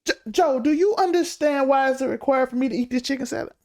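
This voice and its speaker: A woman with a high-pitched, quick, slightly mellow voice co-hosts a casual news-commentary podcast. She argues her point emphatically and presses her co-host with questions.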